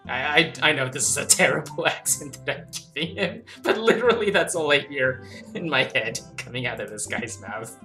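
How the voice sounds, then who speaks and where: A man's voice: mid-range voice, moderate pace. Guy laughing his way thru a dating game, voice all over the place, music playing under. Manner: giggly, animated, does silly character voices. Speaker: game streamer.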